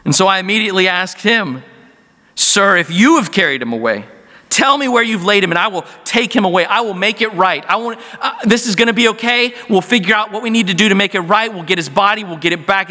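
A man's voice: sits high, expressive, sharp tone, in a large hall. A man voicing a devoted, pleading biblical woman. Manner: rushed, pleading, tumbling reassurances. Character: devoted grieving woman from the Bible.

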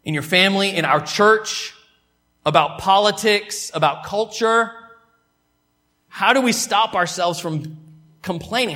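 A man preaching to his church in a fairly high voice. He is emphatic, repeats himself, and swings between loud, stressed lines and quiet asides. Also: expressive, measured pace, pauses often. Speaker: pastor. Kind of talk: sermon.

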